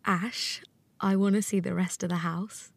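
An actress playing a teasing, affectionate young newlywed bride in an audio drama. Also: female voice, mid-range voice, steady tone, a little slow, vocal fry, noisy background. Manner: teasing, warm with laughter.

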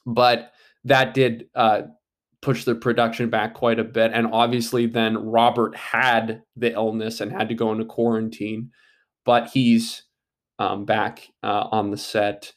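A man's voice: on the low side, little pitch movement, measured pace. A man giving casual solo commentary on an upcoming movie, rambling with many fillers and restarts and swearing casually.

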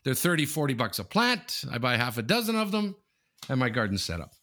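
A man's voice: medium pitch, a little fast. Guy co-hosting a sports podcast, voice jumps all over, keeps going "okay?", swears a lot. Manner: animated and repetitive, keeps saying "okay?" and the host's nickname; swears freely. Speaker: podcast co-host. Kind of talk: casual sports chat.

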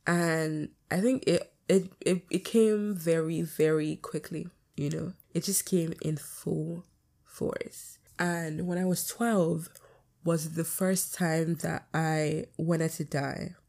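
A woman's voice: low-pitched, fairly even intonation, slow, vocal fry, a little mellow. A young adult woman hosting her own podcast, talking casually and bluntly about her life, swearing freely. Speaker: podcast host.

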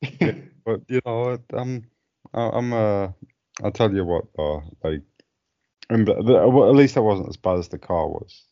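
Laughing man, low voice, dull sound. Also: animated, normal speed, dark tone, dry recording. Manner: joking, laughs often, trails off in restarts. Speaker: podcast co-host. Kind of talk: casual banter.

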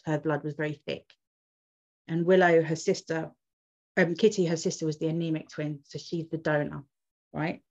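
Her voice is low and a little mellow as she shares a personal story on a podcast, speaking as a twin mother and doula. The telling is emotional and meandering with many restarts, captured in dull lo-fi audio.

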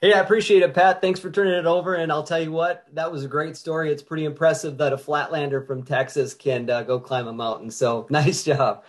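A man's voice: on the high side, steady tone, brisk, hardly any pauses. A man as a guest health coach, talking casually and friendly with some hesitation. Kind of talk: casual talk.

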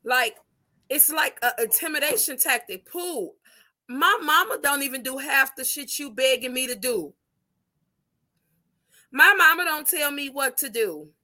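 A woman's voice: high voice, animated, unhurried, pauses often, sharp tone. Blunt, profane woman co-host. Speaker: podcast co-host. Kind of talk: casual opinionated chat.

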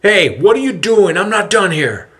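A man voicing an angry male merchant who shouts indignant accusations in a raised voice. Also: sits high, sing-song, normal speed, voice pushed up.

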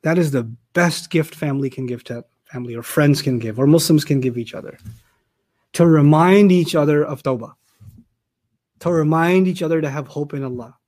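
A man's voice: a little high, normal speed, darkish tone. A man giving a Quran commentary lecture, emphatic and repeating phrases for stress. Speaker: Quran teacher.

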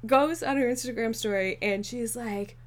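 Woman, podcast co-host, casual chat, sweary, animated storyteller. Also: fairly high pitch, normal speed.

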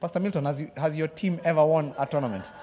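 A man preaching a sermon in a conversational way, joking with the congregation and bursting into excited cheering. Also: fairly high pitch, fast talker, big-room sound, a little hiss or hum.

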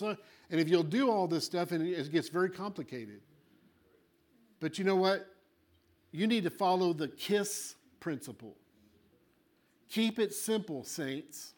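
Animated high-voiced male preacher. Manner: animated, acts out voices, shifts from loud to quiet. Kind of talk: sermon.

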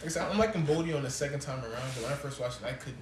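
A man co-hosting a podcast, chatting casually about TV shows in fast slang with lots of swearing. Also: mid-range voice, echoey room, background noise. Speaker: podcast co-host.

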